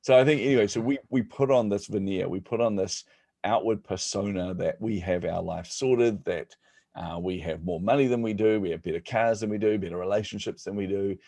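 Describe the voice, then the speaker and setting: Deep, mellow New man, middle-aged, animated storyteller, dry close sound. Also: a little fast, no echo. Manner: animated, jokey, laughs at own stories. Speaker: guest speaker. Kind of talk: storytelling in conversation.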